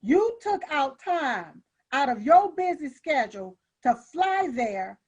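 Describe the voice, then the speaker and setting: Lively high-voiced woman co-host cutting in. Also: slow, highs cut off. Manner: emphatic, interjecting. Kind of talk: casual chat.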